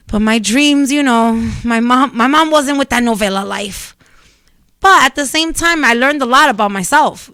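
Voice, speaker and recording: A young vlogger from a Dominican family in New York rambles bluntly to camera, telling stories and swearing freely. Her voice is fairly high and bright, clear and resonant, captured dry with clean studio sound.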